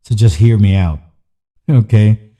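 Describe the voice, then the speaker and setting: A man's voice: fairly low pitch, unhurried, warm tone. A man hosting a podcast, telling a personal story in an earnest, candid way, with short listed phrases. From Philippines. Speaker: podcast host.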